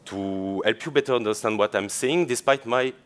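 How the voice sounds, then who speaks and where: A man with a French accent giving a conference talk on stage, chatty and quick to laugh, with lots of fillers. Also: medium pitch. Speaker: conference speaker.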